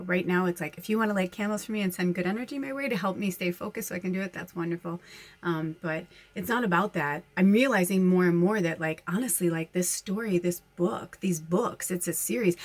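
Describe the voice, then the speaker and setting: A woman with a lowish voice talks fairly quickly, and there's no echo. She's a spiritual medium who hosts a channel, chatting casually and rambling to her followers while often laughing.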